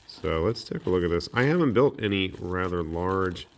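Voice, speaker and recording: A man with a very low, deep voice talks through an unboxing for his miniatures channel. He chats casually and thinks aloud as he turns over each part, easygoing and unscripted. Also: animated, normal speed, slight background noise. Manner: chatty, thinking aloud while handling parts. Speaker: miniatures hobby channel host.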